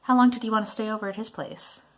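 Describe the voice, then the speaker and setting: A woman's voice: fairly high pitch, fairly even intonation, fast talker, fairly bright tone, close to an everyday voice. A woman voicing a controlling, prying middle-aged mother in a browser game, nagging and guilt-tripping. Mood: scolding.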